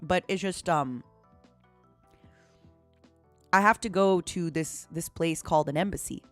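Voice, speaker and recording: A woman streamer chatting casually and telling stories in a playful, animated way. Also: fairly low pitch, a little slow, dry recording, faint music behind. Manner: chatty, playful, animated storytelling with put-on quotes. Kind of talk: casual chat and storytelling.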